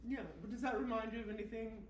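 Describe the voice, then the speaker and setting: A woman talks in a rambling, deadpan way, spinning absurd stories with plenty of fillers. She is recorded from a distance in a reverberant room at a live event. Faint noise sits under her voice. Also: a little high, quick pace. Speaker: guest performer. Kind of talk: comic improvised guided meditation and chat. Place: live event in a bookstore space.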